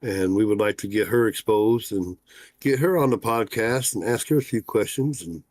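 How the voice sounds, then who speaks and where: A man's voice: fairly low pitch, normal speed, darkish tone, no echo. A man hosting a casual livestream talk show as a fishing guide, folksy and rambling, with lots of "uh" fillers.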